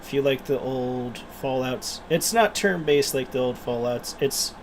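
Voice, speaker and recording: A man's voice: mid-range voice, unhurried, slight background noise. A man hosting a gaming channel, talking animatedly in casual let's-play commentary and laughing at himself.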